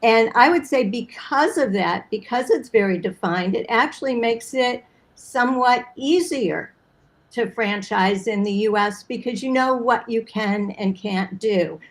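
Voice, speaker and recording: A woman guest on a business panel, giving a steady, fact-filled overview. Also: a little high, unhurried, rough recording. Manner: steady, fact-heavy explaining. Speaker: franchise guest expert. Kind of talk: informative panel answer.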